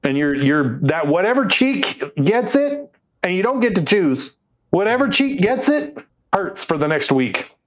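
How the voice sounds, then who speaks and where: Man, casual podcast chat, animated storytelling, somewhat high pitch. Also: unhurried. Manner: animated storyteller, acts out quoted voices. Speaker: podcast co-host.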